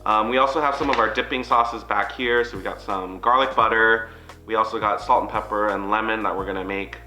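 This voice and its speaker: A man's voice: on the low side, steady tone, a little fast, pushed and bright, reverberant, faint music behind, poor audio. A man co-hosting a mukbang, chatting casually and walking viewers through the food. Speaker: mukbang co-host. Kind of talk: casual chat.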